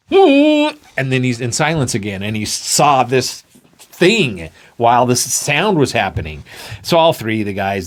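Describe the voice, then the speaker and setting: Animated man telling an explanatory story. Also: mid-range voice. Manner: animated, acts out the scenes.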